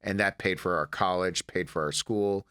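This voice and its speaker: A man's voice: deep voice, moderate pace, clean tone. A man in his thirties, from Detroit, who works as a comedian and actor and tells family stories as a podcast guest, acting out the scenes as he goes. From United States, Detroit. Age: 30s. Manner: animated storyteller, acts out family scenes. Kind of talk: casual interview storytelling.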